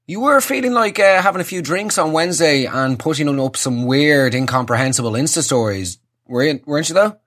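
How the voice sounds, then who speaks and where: A man's voice: fairly high pitch, animated, fairly quick, hardly any pauses, fairly bright tone. A young man voicing his own mocking male inner voice, teasing and sarcastic. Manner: sarcastic, needling.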